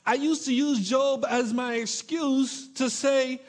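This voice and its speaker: Middle-aged guy preaching in church, really high voice, drags out his questions, cracks little jokes. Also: fairly even intonation. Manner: drawn-out emphatic questions, playful asides. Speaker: pastor. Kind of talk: sermon. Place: church with congregation.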